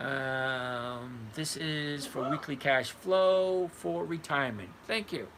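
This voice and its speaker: An older retired man hosts a casual livestream about trading, reading the live chat and answering viewers by name in a blunt, conversational way. His voice is mid-range and slow, with noise in the background.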